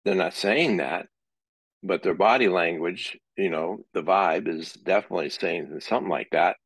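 Deep and a bit bright, this middle-aged man's voice moves at a moderate pace with no echo in the room. He teaches a psychology class lecture in a conversational style, occasionally performing example dialogue.

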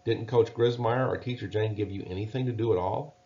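A man voicing a gentle, reassuring mother bear while reading a storybook aloud. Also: lowish voice, fairly quick, close to an everyday voice. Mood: soothing. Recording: dull lo-fi recording.

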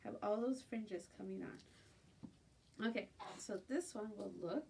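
A woman's voice: medium pitch, takes it slowly, creaky, warm tone. A middle-aged woman selling jewelry on a live stream from home, chatting casually and sometimes cooing in baby talk. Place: home at night. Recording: distant phone mic with faint room noise.

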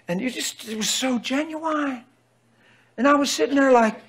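A man preaching an unscripted sermon in an excitable, colloquial way, bursting with passion, on a clip-on microphone in a church hall. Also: very high voice, moderate pace, husky.

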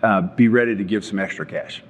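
Older man with low voice, earnest in a reverberant hall. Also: brisk. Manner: earnest, repeats words as he restarts. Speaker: company founder speaking at an event. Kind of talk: storytelling talk on stage.

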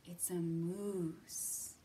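A young woman leading a children's library storytime, gently coaxing little listeners with sing-song questions and sometimes dropping to a whisper. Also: on the low side, level tone, very slow, recorded from a distance, a little hiss or hum. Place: library room.

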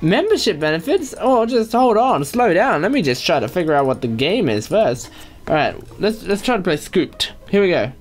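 A man chatting excitedly through a let's-play video, joking as he goes. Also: high voice, normal speed, faint music behind. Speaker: gaming video creator.

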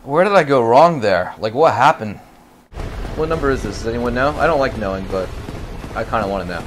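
Expressive and fairly quick, this man narrates his gameplay with constant profanity. He's a gaming commentator who mutters quietly to talk himself down, then explodes into screaming, with slight background noise present.

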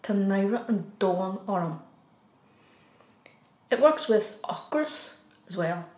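A woman with an Irish accent teaching a beginner language lesson, saying each phrase slowly, repeating it, then giving the English. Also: mid-range voice, lively intonation, a little mellow. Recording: echoey room.

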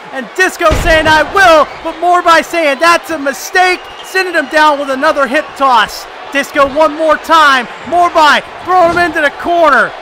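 A man with a very high voice calls a wrestling match blow by blow, excitable and often shouting. A loud crowd roars behind him, with steady noise under the recording. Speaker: wrestling commentator. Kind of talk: play-by-play commentary.

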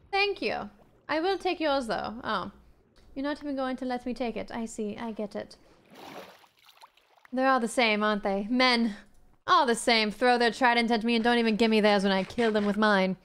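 A woman with a slightly high voice commentates her game live. She camps up a haughty diva act, calls her viewers "darling", and jumps into shrill outrage before dropping back to mutters. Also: lively intonation, normal speed, creaky, a bit bright, slight background noise. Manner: mock-haughty diva persona, calling chat "darling"; sudden swoops into shrill indignation. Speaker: gaming streamer.

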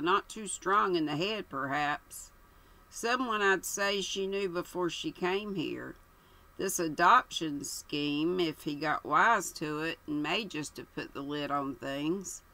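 A woman voicing a placid, tactful middle-aged police superintendent who lays out his theory in a measured way. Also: fairly low pitch, rough recording. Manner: calm, measured, deferential.

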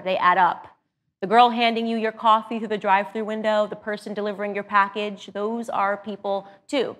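A woman's voice: mid-range voice, a bit bright. Earnest woman telling a personal story. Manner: earnest, emphatic, lesson-driven. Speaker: show host.

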